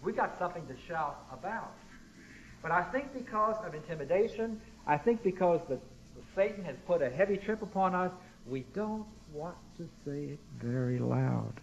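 Man, pastor, sermon, fairly high voice, emphatic, muffled lo-fi recording. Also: fairly bright tone. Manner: emphatic preaching, questions to the congregation. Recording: dull lo-fi sound.

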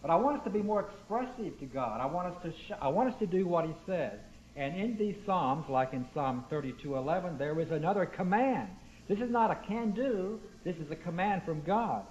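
A high-pitched, slightly mellow male voice with lively intonation and a somewhat fast pace belongs to a pastor giving a sermon. He quotes scripture with strong emphasis and directs questions at his congregation, heard through dull, lo-fi audio.

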